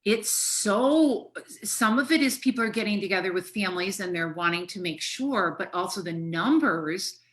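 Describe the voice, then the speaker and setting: A woman's voice: medium pitch, lively intonation, moderate pace, hardly any pauses. Frank, emotional middle-aged woman therapist. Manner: frank, emotional, swears freely. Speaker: therapist podcast host. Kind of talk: casual podcast conversation.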